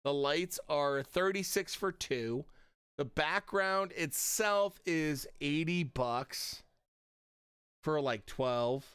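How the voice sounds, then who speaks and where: A man's voice: fairly high pitch, animated, takes it slowly, fairly bright tone, clean tone, no echo, studio quality. A man chatting casually on a live stream from his home setup, blunt and profane, getting riled up. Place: home streaming room with lit panel backdrop.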